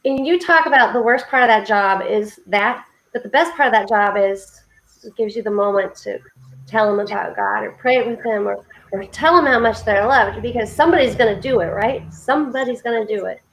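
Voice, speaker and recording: Earnest high-voiced woman telling stories. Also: normal speed, a bit bright, a little hiss or hum, rough recording. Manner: earnest, heartfelt storytelling with a preacher's lift. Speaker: co-host of a faith support livestream. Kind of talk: casual faith-based chat.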